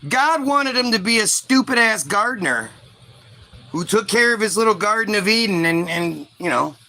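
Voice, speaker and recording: A man's voice: sits high, moderate pace. A man telling a rambling, profane comic story, switching into voices for each character. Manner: crude, rambling, animated. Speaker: comedian.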